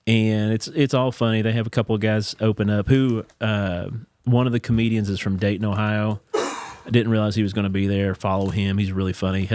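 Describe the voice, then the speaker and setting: A man hosting a podcast, telling a story in casual chat and jumping into quick impressions of other people. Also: on the low side, flat delivery, a little mellow, clear, resonant tone, dry recording. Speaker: podcast host.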